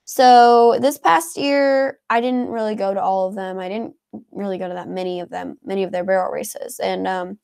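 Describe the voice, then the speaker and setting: A woman's voice: medium pitch, fairly even intonation, moderate pace, gravelly, a little mellow, smooth. A woman, chatting casually as a co-host and reading out viewer comments, her talk full of "like" and "um". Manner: chatty, heavy on filler words like "like" and "um". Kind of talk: casual live chat.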